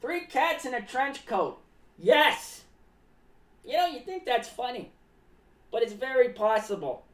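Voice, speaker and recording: A woman's voice: on the high side, animated, a little slow, long pauses, distant mic. A woman voicing a rambling, eccentric clown who talks about himself in the third person and is paranoid about cats, streaming live. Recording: echoey room, voice away from the mic.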